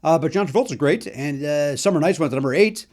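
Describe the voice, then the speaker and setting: A middle-aged man from Chicago hosts a comedy podcast, talking through old songs with quick, self-deprecating jokes. His voice sits a little high for a man. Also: lively intonation, a little mellow. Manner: chatty, self-deprecating, sings snatches of songs. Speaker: podcast host. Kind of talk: casual comedic storytelling about records.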